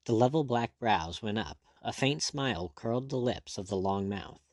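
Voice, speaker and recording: Male audiobook narrator, expressive storyteller, dry studio sound. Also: lowish voice, normal speed, no echo. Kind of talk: scripted narration of an adventure novel.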